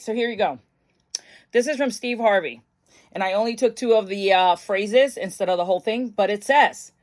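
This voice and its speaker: A woman's voice: medium pitch, a little mellow. A middle-aged woman vlogging casually into her phone about mental wellness, bubbly and chatty. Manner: bubbly, chatty, bursts into laughs and shrieks. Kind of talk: casual chat to camera. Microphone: phone camera.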